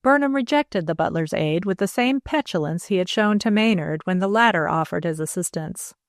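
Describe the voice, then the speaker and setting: A woman's voice: lowish voice, lively intonation, normal speed, no room sound. Woman narrating an audiobook, dry and close. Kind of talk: scripted narration.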